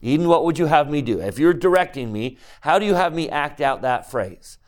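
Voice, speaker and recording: A man teaching a scripture class who keeps asking the class questions, swinging between soft asides and emphatic rises. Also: a little high, animated, a little fast. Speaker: religious teacher.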